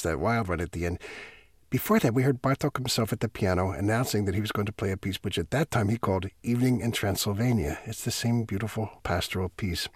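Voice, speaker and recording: A man hosting a classical music radio program, telling a composer's story in a measured, storytelling way. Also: on the low side, breathy edge, no room sound, studio quality. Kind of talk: scripted radio narration.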